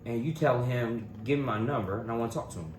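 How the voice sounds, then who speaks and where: Speaking quickly, a young man from Louisville, Kentucky, co-hosts a podcast and spins animated stories in easygoing conversation. He pitches his voice up high to imitate the people he quotes, and the recording picks up echo and background noise.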